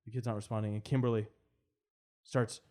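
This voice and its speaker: A man co-hosting a comedy podcast, narrating an improvised movie scene with halting restarts. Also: lowish voice, level tone, mellow. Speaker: podcast co-host.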